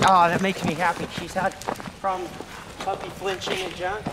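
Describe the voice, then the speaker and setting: A man's voice: high-pitched, level tone. A man hosting a video outdoors on a farm, casually directing people and praising his dogs in short, bossy bursts. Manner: bossy, gives quick directions. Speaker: host, pest control dog handler. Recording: outdoor noise behind the voice.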